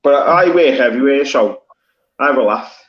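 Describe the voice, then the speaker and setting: A man's voice: mid-range voice, expressive, brisk. A man with a Liverpool accent, talking bluntly and swearing a lot as a guest on a live stream panel, with rambling restarts. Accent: Liverpool Scouse. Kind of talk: casual livestream banter. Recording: slightly lo-fi audio.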